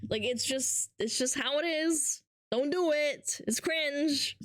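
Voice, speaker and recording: A woman's voice: high voice, takes it slowly, fairly bright tone, dry recording. A woman livestreamer in casual chat, ranting with lots of swearing and mocking her viewers. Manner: ranting, profane, mocking impressions.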